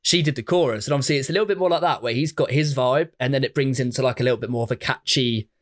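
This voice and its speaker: An English man co-hosting a podcast, talking in a loose, excited ramble full of ums and swearing. His voice sits at an ordinary middle pitch for a man. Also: very fast. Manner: enthusiastic, sweary, rambling with fillers. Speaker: podcast co-host. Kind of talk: casual chat.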